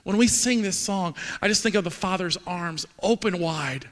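A man's voice: high-pitched, a bit bright. Earnest man preaching in a reverberant hall. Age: 40s. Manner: earnest, halting, repeats words when moved. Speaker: pastor. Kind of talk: sermon. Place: church sanctuary.

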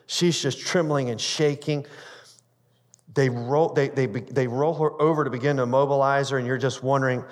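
A man's voice: medium pitch, normal speed. Male pastor in a ringing sanctuary. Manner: earnest storytelling, stumbles and repeats words. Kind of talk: sermon with personal story. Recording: long reverb of a large hall.

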